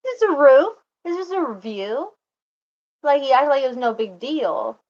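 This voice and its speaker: A woman's voice: big pitch swings, a little slow, a little mellow, dull audio. Rambling woman telling a story. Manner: meandering, self-interrupting, laughs often, quotes others in a higher voice.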